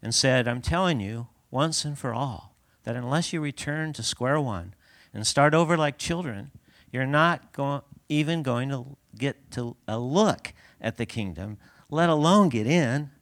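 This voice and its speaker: A man's voice: medium pitch, lively intonation, a little slow, a bit bright. A man giving a conversational sermon as a pastor in a church, laughing often and asking the congregation rhetorical questions.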